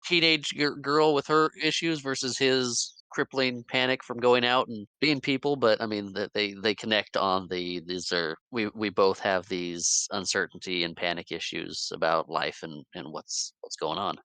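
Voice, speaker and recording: A man co-hosting a podcast, chatting about a film with stammering restarts and quick agreement. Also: on the low side, fairly even intonation, bright, forceful tone, smooth, dry recording. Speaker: podcast co-host. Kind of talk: casual movie review chat.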